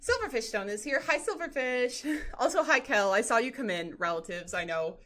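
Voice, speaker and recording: A woman's voice: fairly high pitch, normal speed, fairly bright tone. A woman streaming a game, chatting casually and bubbly with her chat, laughing often.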